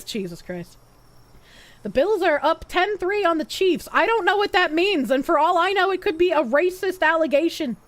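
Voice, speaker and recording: A young woman streaming live, chatting casually and thanking viewers, swinging from loud high squeals to low mutters. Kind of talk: casual live-stream chat reading donations.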